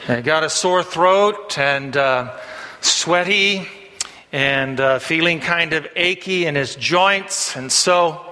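A man preaching in a church sanctuary, his voice bright and forceful and set a little high. He tells a folksy story full of "uh" pauses and lifts his voice for the punchlines. His words ring out with a long reverb around them. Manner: folksy storytelling with frequent "uh" fillers, rising for punchlines. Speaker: pastor. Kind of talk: sermon.

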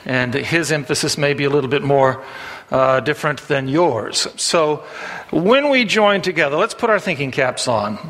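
Bright-voiced preacher in an echoing hall. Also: male voice, on the high side, lively intonation, normal speed. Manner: folksy storytelling with frequent "uh" fillers, rising for punchlines. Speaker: pastor. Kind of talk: sermon.

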